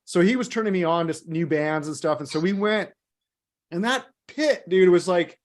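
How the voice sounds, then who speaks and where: A man's voice: high voice, expressive, normal speed. Guy rambling thru a story, lots of likes and you knows, chill slang. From Los Angeles area. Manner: rambling, filler-heavy, laid-back slang. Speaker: guest. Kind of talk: casual storytelling chat.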